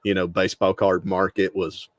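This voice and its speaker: A middle-aged Southern man from Tennessee with a lower voice tells stories in an easygoing way and laughs a lot. The recording is dry. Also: level tone, moderate pace, no echo. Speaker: guest. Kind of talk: casual interview talk.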